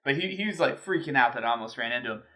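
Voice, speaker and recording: Bright-voiced man telling stories. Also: mid-range voice, rapid-fire. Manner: animated storyteller, swears casually. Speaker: podcast co-host. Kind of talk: casual chat.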